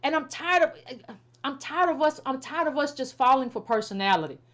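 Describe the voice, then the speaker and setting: A woman's voice: sits high, expressive, brisk, a bit bright. A middle-aged woman commentator giving blunt, repetitive, exasperated criticism in casual, informal speech. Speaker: political commentator.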